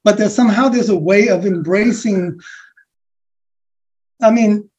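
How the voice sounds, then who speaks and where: A man from the USA, speaking as a guest in a reflective spiritual conversation, rambling softly with many restarts and fillers. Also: high voice, a little slow. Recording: dull lo-fi recording.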